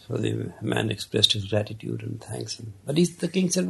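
A man telling a parable in an unhurried, conversational way, with many casual asides. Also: fairly low pitch, expressive, gravelly, slightly rough. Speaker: storyteller. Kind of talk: casual spoken storytelling of a parable.

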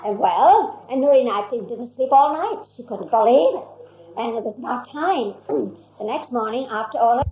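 Older woman with a higher voice. Recalls past stories haltingly. Tinny, echoey archive sound. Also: expressive. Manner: halting, anecdotal, with many restarts. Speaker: storyteller recalling her past. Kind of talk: personal reminiscence.

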